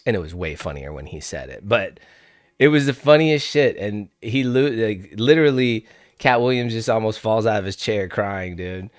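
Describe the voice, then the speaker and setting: A man's voice: mid-range voice, animated, measured pace, dry recording, clean studio sound. A young adult man hosting a livestream, chatting in a laid-back, slangy way and laughing often. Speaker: trading livestream host. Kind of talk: casual livestream chat.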